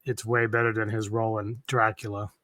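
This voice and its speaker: A man co-hosting a casual movie review chat who chimes in with quick asides. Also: on the low side, level tone, pushed and bright, no room sound, studio quality. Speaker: co-host.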